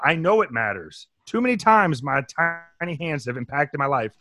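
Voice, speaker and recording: Lively, playful man with a dry sound. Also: fairly high pitch, normal speed. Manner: playful, emphatic. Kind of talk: casual chat.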